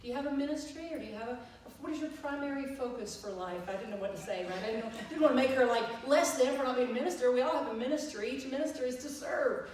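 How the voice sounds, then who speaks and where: A woman minister, telling a lively story in a sermon and acting out the dialogue with laughter. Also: sits high, fast, few pauses, a little hiss or hum. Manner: animated, acts out dialogue with laughter. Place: church sanctuary. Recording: echoey hall, far from mic.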